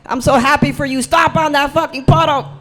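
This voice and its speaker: A man voicing a mocking male passerby who swears and yells at someone. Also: very high voice, fairly even intonation, fairly quick, pitched above the performer's own voice. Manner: mocking, profane, shouting. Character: jeering male passerby yelling at a guy.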